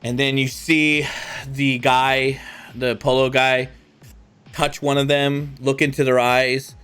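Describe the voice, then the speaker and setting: Male GM, unhurried, loose filler-heavy scene narration, medium pitch. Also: little pitch movement, a bit bright, clear, resonant tone, faint music behind. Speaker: game master. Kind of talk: narrating a tabletop game.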